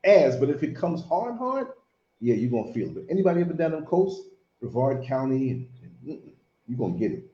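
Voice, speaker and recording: Animated man in his fifties, echoey lo-fi line. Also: mid-range voice, brisk. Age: 50s. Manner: animated storyteller, big bursts of laughter. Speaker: podcast host. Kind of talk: casual chat. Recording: lo-fi echoey call audio.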